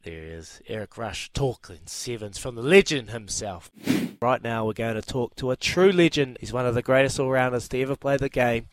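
A man's voice: mid-range voice, brisk, dry recording. Laid-back male radio host, dry sound. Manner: laid-back, mate-talk, bantering. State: a bit hungover. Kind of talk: casual radio hosting.

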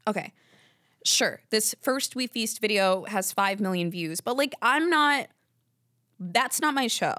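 A woman's voice: medium pitch, expressive, a little slow, sharp tone, dry recording, studio quality. A woman hosting a podcast, chatting casually and telling a rambling story full of asides. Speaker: podcast host. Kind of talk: casual chat.

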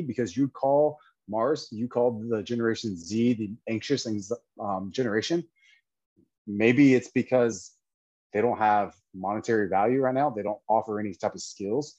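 A man's voice: mid-range voice, darkish tone, husky, no echo, lo-fi sound. A man giving an indignant, lecturing commentary full of rhetorical questions. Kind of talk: opinionated commentary video.

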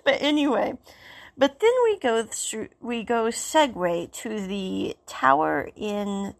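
A woman's voice: mid-range voice, expressive, slow, gravelly. A woman casually recapping and reviewing a drama, rambling and circling back with "so anyway". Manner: rambling, keeps saying "so anyway".

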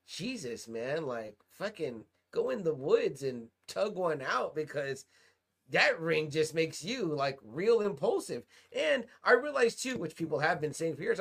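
Joking, crude man with a higher voice. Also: fairly bright tone, husky. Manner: joking, crude, quick to laugh. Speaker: podcast co-host. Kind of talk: casual chat.

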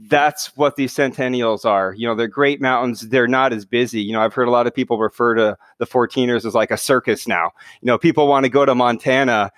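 Halting middle-aged man, dry sound. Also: medium pitch, no room sound. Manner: hesitant, many "you know" fillers and restarts. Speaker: guest, mountain speed record holder. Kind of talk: casual interview conversation.

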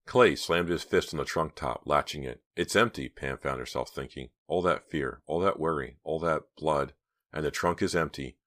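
A man narrating a suspense novel as an audiobook, reading in measured, suspenseful short phrases. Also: very deep voice, fairly bright tone.

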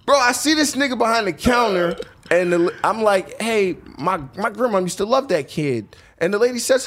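A man's voice: high-pitched, normal speed. A man telling profane street stories in casual chat, acting out the voices of the people in them. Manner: profane, animated, acts out other people's voices. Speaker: podcast guest.

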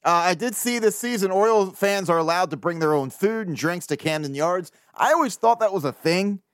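Male solo podcast host, slightly higher voice, rambling and profane, dry close sound. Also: lively intonation, brisk, fairly bright tone, no echo. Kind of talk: casual solo monologue.

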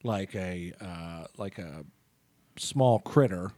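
A man's voice: low-pitched, warm tone, no room sound, studio quality. A man co-hosting a comedy podcast, joking around in casual chat and laughing easily. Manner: joking, goofy, quick to laugh. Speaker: podcast co-host.

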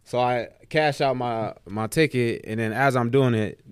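Podcast co-host, male, smooth voice; lively storyteller who jumps into high mimicry. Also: normal speed, no room sound, clean studio sound. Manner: animated, mimics others in high-pitched voice. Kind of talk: casual storytelling.

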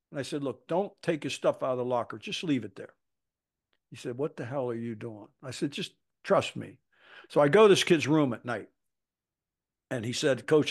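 An older man in his seventies spins a coaching yarn in a middle-pitched voice. He leans into the quotes, swears freely, and keeps the story moving as a podcast guest. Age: 70s. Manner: animated storyteller who acts out quotes, salty language. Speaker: football coach.

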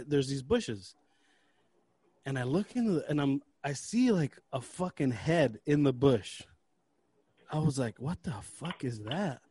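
A man's voice: medium pitch, darkish tone, a little hiss or hum. A young man co-hosting a casual podcast, telling a story with lots of swearing and acting out his own breathlessness. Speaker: podcast co-host.

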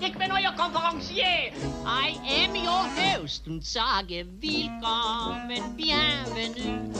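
Theatrical cabaret host, drawn-out high singing, loud music behind. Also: female voice, lively intonation. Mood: showy welcome. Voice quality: theatrical, multilingual announcer delivery. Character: flamboyant cabaret emcee welcoming the audience. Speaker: cabaret master of ceremonies in a musical clip. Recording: music-backed soundtrack clip.

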